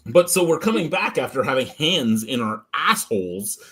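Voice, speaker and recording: A man's voice: mid-range voice, sing-song, moderate pace, fairly bright tone, breathy edge. A man hosting a beer review stream, telling an anecdote and swearing freely. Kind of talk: casual profane storytelling.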